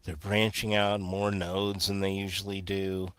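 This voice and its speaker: A man in a casual interview, explaining in a measured way with fillers and restarts. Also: low voice, level tone, fairly bright tone, smooth, no echo. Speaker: guest, earth energy researcher.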